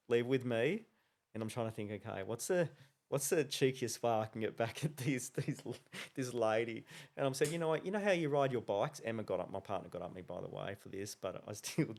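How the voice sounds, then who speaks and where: A man, a podcast co-host telling a lively story in casual chat, laughing often. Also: medium pitch, normal speed. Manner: animated storytelling with laughs and slang.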